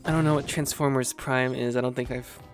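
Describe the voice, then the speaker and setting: A man giving chatty, excitable casual commentary while streaming a video game. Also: medium pitch, brisk, music in the background. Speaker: gaming streamer.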